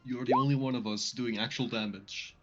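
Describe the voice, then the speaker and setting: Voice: mid-range voice, steady tone, brisk, lo-fi sound, crowd noise. A person playing a tabletop game, giggly and self-mocking. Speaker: player. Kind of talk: casual tabletop game chat.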